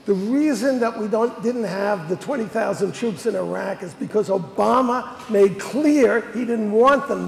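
A man's voice: high-pitched, gravelly, a little mellow. A man on a debate panel, defending himself indignantly. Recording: echoey hall with background noise.

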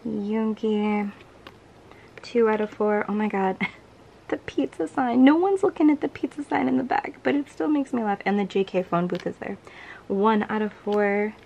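A woman vlogger gushing through an unboxing, excitable and often dropping to a whisper. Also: medium pitch, normal speed, gravelly, a little hiss or hum, poor audio. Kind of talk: casual unboxing commentary.

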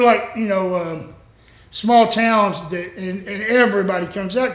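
A man's voice: sits high, echoey room, poor audio. A man, a retired wrestler telling rambling, salty stories with frequent laughs. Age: 60s. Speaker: retired pro wrestler, guest. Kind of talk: casual storytelling.

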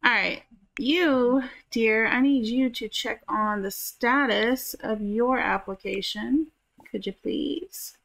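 A woman's voice: on the high side, slow pace, vocal fry, a bit bright. A woman giving casual gameplay commentary, chatting to her characters and swearing offhandedly. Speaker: gameplay streamer.

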